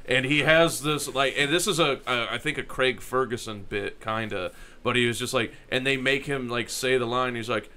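A man's voice: mid-range voice, normal speed. A man hosting a podcast, telling profane stories in casual chat and quoting people in put-on voices. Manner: profane, animated storytelling with quoted voices.

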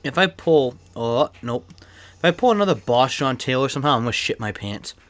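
A young man chatting casually while opening card packs in a video game, excitable and swearing freely, with a cough and an irritated throat. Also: medium pitch, a little fast, no room sound. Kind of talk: casual pack-opening commentary. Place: his bedroom.

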